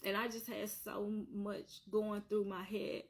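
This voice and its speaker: A woman's voice: medium pitch, little pitch movement, a little slow. A woman telling her own painful story on a vlog, earnest and repetitive, circling back to the same points. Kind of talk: emotional personal storytelling.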